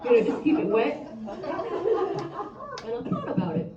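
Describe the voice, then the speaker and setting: A woman's voice: fairly high pitch, huge pitch swings, moderate pace, over a noisy crowd. A woman performing a stand-up comedy set at a brewery open mic, telling crude stories in a bold, chatty way. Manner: bold, crude, conversational storytelling. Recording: roomy, distant, dull, noisy live room.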